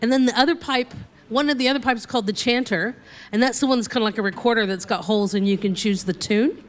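A woman's voice: on the high side, fast talker. Chatty New woman explaining music. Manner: chatty, laughing, explaining loosely. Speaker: music expert guest. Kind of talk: casual explaining chat.

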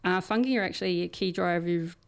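A woman's voice: lowish voice, fast, gravelly, clean tone. Chatty woman explaining science findings. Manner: chatty, explains with everyday examples, many fillers. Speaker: science podcast co-host. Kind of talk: casual science chat.

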